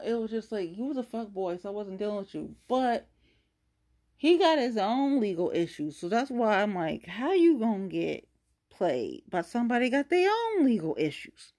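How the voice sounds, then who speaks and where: A woman's voice: medium pitch, a little mellow. A woman ranting casually and directly to her listeners, profane and exasperated. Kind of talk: casual rant monologue.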